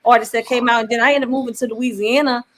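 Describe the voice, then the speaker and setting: A woman's voice: fairly high pitch, fairly even intonation, fast, fairly bright tone. A woman from Buffalo hosting a casual chat, with a mixed Southern and New York accent, rambling loosely with lots of "you know what I mean.". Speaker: host.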